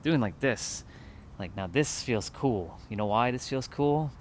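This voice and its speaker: A man's voice: mid-range voice, expressive, measured pace, a little hiss or hum. A man hosting a livestream, talking to his chat in a loose, rambling way, with lots of fillers and casual swearing. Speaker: livestream host.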